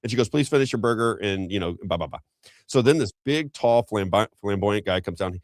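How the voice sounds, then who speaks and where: A middle-aged man hosting a talk show, telling a story in a rambling, animated way with frequent restarts. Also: fairly low pitch, fairly quick, no echo. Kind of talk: casual storytelling commentary.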